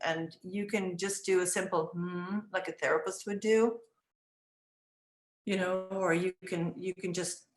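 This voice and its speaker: A middle-aged woman in an interview, reflecting on teaching children in a thoughtful way, often restarting her sentences and acting out gentle phrases she would say to a child. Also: fairly low pitch. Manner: acts out gentle words to children. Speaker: early childhood education director. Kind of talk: interview answers. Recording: roomy echo.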